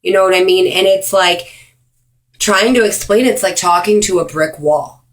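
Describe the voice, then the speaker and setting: A woman talking straight to camera in an earnest personal video, with many ums and pauses for emphasis. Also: medium pitch. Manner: earnest, frequent ums, speeds up and slows down for emphasis. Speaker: vlogger. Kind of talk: earnest direct-to-camera awareness talk.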